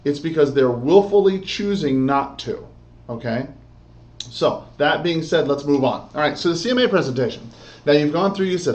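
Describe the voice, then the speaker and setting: A man's voice: a little high, expressive, normal speed, darkish tone. A man giving an emphatic sales training lesson, often checking in with "okay?" and "all right?". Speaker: real estate sales trainer. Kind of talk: instructional talk. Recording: dull lo-fi recording.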